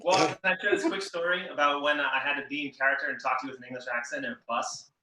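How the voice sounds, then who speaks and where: A man's voice: mid-range voice, fairly even intonation, racing, sharp tone. A man appearing as a magician guest on a video call from home, chatting easily and talking through a trick with plenty of fillers. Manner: easygoing, chatty, with many fillers. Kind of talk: casual chat with magic patter. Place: home in a room with echo. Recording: roomy echo, distant from mic.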